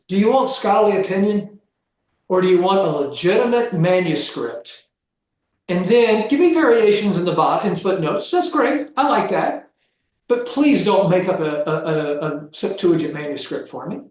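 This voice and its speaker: A man giving an emphatic, animated seminar lecture over a video call, restarting his sentences often. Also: sits high, measured pace. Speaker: guest lecturer. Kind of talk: seminar lecture and closing remarks. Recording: very echoey room.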